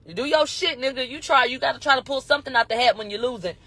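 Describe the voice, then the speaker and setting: A woman's voice: high-pitched, fast, sharp tone, no echo. A woman recapping a court case in a casual retelling, blunt and profane, acting out the dialogue she quotes.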